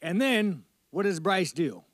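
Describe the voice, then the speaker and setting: A man with a fairly high voice rambles through interview answers with loose, profane bro talk, peppering it with dude and man. The sound is close and dry, with no room around it. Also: sing-song, measured pace, fairly bright tone, no echo. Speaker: fighter at a media interview. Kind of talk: casual media-day interview.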